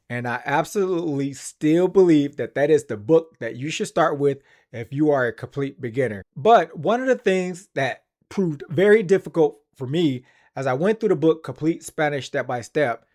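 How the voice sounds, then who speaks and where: A man's voice: fairly high pitch, a little mellow. Earnest man explaining language tips. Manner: earnest, enthusiastic recommending and explaining. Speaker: language-learning channel host. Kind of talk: casual explanatory vlog.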